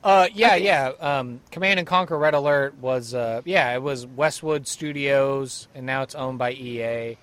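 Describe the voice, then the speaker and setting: A man's voice: mid-range voice, measured pace, few pauses, fairly bright tone, clean tone, no room sound. A man hosting a podcast, chatting casually and reminiscing with enthusiasm. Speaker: podcast host. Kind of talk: casual chat.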